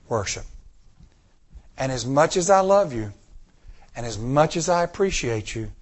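Emphatic preacher with a slightly high voice. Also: male voice. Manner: emphatic, slows down on key words, call-and-response. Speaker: pastor. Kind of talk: sermon.

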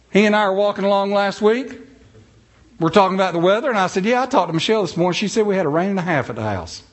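A man's voice: sits high, expressive, rapid-fire. A middle-aged man with a North Carolina Southern accent, telling funny stories in a folksy, self-deprecating talk. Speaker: speaker giving a talk. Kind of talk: humorous storytelling talk.

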